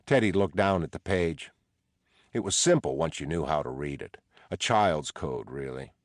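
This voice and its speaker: A man narrating an audiobook in a measured, somber way. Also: a bass voice, expressive, dry recording, clean studio sound. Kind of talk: scripted narration.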